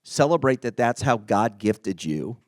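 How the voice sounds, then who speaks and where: A man's voice: medium pitch, big pitch swings, unhurried, dry recording. A middle-aged man giving a casual, conversational motivational talk as a workplace leader. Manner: conversational, acts out quoted remarks.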